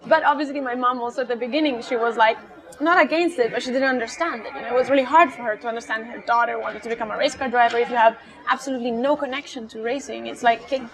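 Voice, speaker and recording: High-voiced woman telling lively stories. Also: fast talker, a crowd in the background. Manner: lively, laughing, acts out quotes. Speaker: interview guest, rally driver. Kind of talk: animated storytelling in conversation.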